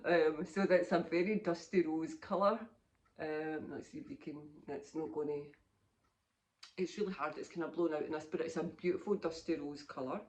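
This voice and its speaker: A woman's voice: low-pitched, fairly even intonation, normal speed, a little mellow. A woman in her fifties with a Scottish accent, hosting a knitting podcast in a chatty, rambling way and laughing often. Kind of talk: casual chat.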